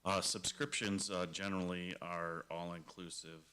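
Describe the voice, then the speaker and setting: A man's voice: sits low, level tone, normal speed, bright, forceful tone, a little hiss or hum. A school administrator, a man, explaining agenda items at a board meeting, hesitant and full of fillers.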